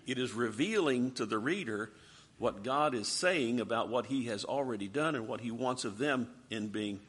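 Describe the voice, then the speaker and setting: A man preaching a sermon, asking rhetorical questions with dramatic swings from soft to loud. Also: mid-range voice, slightly rough.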